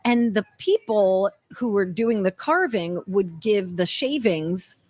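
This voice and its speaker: A woman co-hosting a casual live radio chat at a state fair, upbeat, chatty and quick to laugh. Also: medium pitch, expressive, darkish tone, dry recording. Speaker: radio show co-host. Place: outdoors at a state fair stage.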